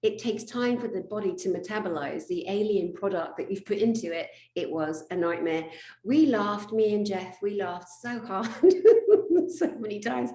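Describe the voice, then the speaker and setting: A woman and spiritual therapist telling a humorous personal story, animated, laughing often and swearing casually. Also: mid-range voice, normal speed. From England. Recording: echoey room.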